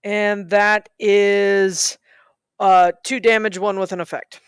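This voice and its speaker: Smooth-voiced woman checking her dice rolls. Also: mid-range voice, little pitch movement, takes it slowly, no echo, studio quality. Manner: careful, double-checks her numbers. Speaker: player. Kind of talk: tabletop game play.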